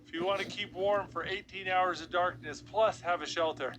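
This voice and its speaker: A man's voice: high-pitched, fairly even intonation, moderate pace, fairly bright tone, low-quality recording. A man explaining his work in plain, practical terms while outdoors in snowy woods. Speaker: outdoor vlogger. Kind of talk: outdoor narration. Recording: outdoor camera clip with background noise.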